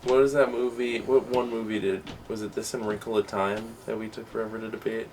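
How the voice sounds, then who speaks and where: A man co-hosting a casual chat, relaxed and quick with short replies. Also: fairly low pitch, a little hiss or hum. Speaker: co-host.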